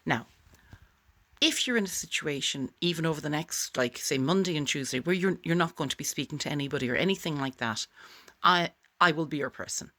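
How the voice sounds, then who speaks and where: A woman's voice: sits low, a little fast, sharp tone. A woman teaching a voice exercise straight to camera in an encouraging, chatty way. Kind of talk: direct-to-camera tutorial.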